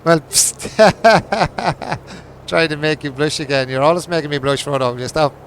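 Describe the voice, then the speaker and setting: A man's voice: fairly high pitch, steady tone, fast, a bit bright, a little hiss or hum. A man hosting a livestream of a farming game, chatting casually with his viewers and teasing them in jokey banter, laughing often and swearing freely. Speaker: livestream host. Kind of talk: casual chat while playing a farming game.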